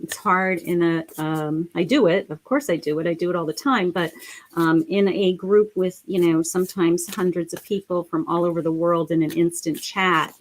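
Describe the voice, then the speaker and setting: A middle-aged woman with a fairly low-pitched voice talks softly through a live psychic reading. She sounds gentle and emotional, and often pauses on "um" as she goes. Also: steady tone, slight background noise. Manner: gentle, emotional, full of fillers. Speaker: psychic medium.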